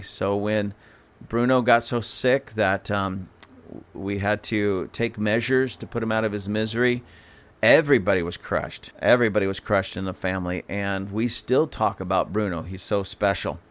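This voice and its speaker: A middle-aged man, a channel host, telling a personal story in a casual, animated way and chuckling now and then. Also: lowish voice.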